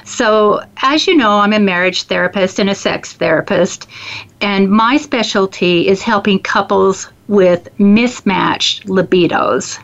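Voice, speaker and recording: A woman host with a mid-range voice explains her clients' situation in a measured, steady way. The audio is dull and lo-fi. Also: mid-range voice, vocal fry. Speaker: host and marriage therapist. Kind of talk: interview talk.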